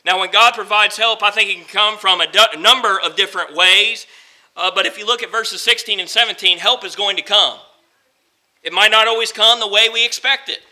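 A male pastor delivers a sermon in a high, strikingly bright voice. He repeats phrases for emphasis and slows down for scripture. His delivery swings from quiet and slow to louder and faster. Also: poor audio.

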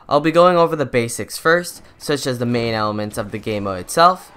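Bright-voiced young man explaining game tips. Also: medium pitch, animated, fairly quick, smooth. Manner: methodical, instructive. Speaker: gaming YouTuber. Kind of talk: scripted gameplay tutorial voice-over.

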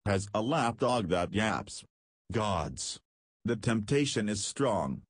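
Impulsive boyish scientist, husky and low, excitable bursts, read by a man in an audiobook. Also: slow pace, dry recording, studio quality, heavily acted. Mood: scheming.

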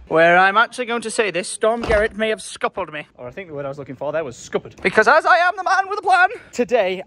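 A man's voice: high voice, slight background noise. A man in his thirties chatting casually and jokily as he films a home vlog. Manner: chatty, animated, jokey. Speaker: vlogger.

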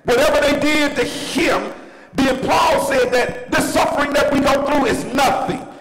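A middle-aged male pastor preaching a sermon, calling out questions to the congregation and often breaking into shouts. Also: very high voice, fairly even intonation, measured pace, a faint crowd, slight background noise. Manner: call-and-response preaching, repeated questions, frequent shouting. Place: church sanctuary. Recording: echoey church hall with long reverb.

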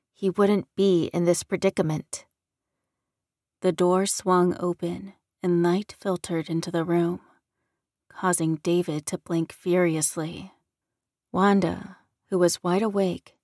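A woman reading an audiobook in even, unhurried scripted narration. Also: lowish voice, dry recording, studio quality.

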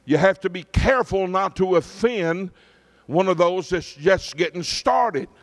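Pastor, middle-aged man, folksy storytelling sermon with frequent asides to the congregation, a touch higher-pitched than most men. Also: lively intonation, a little slow. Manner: folksy preacher, checks in with the congregation often.

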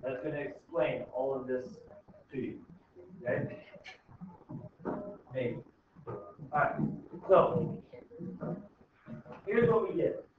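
A man teaching a high school math class, explaining step by step in an informal way and often checking in with "okay?". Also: animated, slow pace, pauses often, slight background noise. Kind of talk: classroom lecture. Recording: echoey room, tinny far-off mic.

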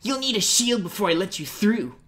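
A woman's voice: medium pitch, lively intonation, fairly quick, a bit bright, voice pushed up, lightly acted. A woman voicing a sneering, bratty older boy of the forest folk in a storybook reading. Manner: sneering, scoffing.

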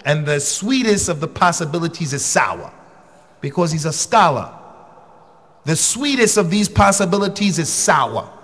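A man giving a religious lecture as a preacher, talking bluntly and conversationally with sudden emphatic jumps in pitch. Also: a bit bright. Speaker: preacher and khatib. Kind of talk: lecture to a congregation.

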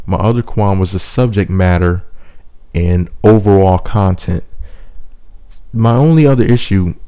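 Opinionated man with a deep smooth voice. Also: warm tone. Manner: opinionated, measured, quotes lyrics slowly. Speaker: music reviewer, channel host. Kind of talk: casual spoken song review.

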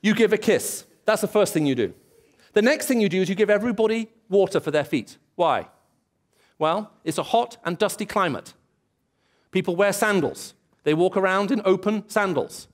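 A man's voice: high voice, lively intonation, moderate pace. A man preaching a sermon in a church, telling stories and acting out bits of dialogue. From England. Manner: storytelling, acts out dialogue and voices.

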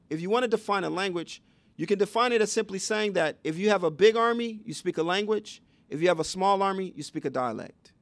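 A man's voice: high voice, vocal fry, dry recording. A man giving a public lecture on education, teaching conversationally and asking the audience rhetorical questions. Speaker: education speaker.

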